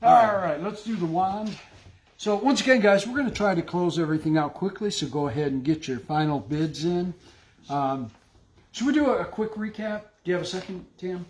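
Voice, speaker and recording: Man briskly running a live auction. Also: sits high, darkish tone. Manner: brisk, calls lots and closes bids. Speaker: auction host. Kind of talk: live online auction chat.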